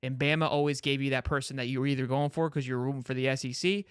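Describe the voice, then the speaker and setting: A man's voice: medium pitch, fairly even intonation, racing, clear, resonant tone, no echo, clean studio sound. A man hosting a casual sports talk show, rambling and laughing easily. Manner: rambling, laughs easily, says bro and dude. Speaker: sports podcast host.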